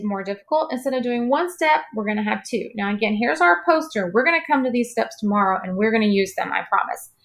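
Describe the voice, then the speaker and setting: Recording a math lesson late at night, this woman teacher sounds tired in her mid-range voice and occasionally clears her throat, while remaining patient and reassuring toward her students.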